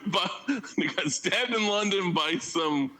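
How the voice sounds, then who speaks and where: A man's voice: sits high, takes it slowly, bright, forceful tone, low-quality recording. A man co-hosting a podcast, talking in a loose, rambling comic way with frequent laughs and restarts. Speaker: podcast co-host. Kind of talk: casual comedic chat.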